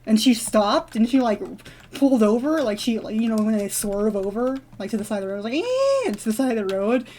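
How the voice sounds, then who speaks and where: A woman's voice: fairly high pitch, fairly quick, dark tone. A woman vlogger telling a long story in a casual, rambling, giggly way while she plays a game. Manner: rambling, giggly, with many fillers and restarts. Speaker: gaming vlogger.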